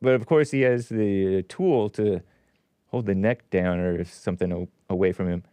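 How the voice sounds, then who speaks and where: A man's voice: deep voice, normal speed, smooth, no room sound. A man hosting his own show, reading a news story aloud and breaking in with sarcastic asides. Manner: sarcastic asides, animated ups and downs. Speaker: host.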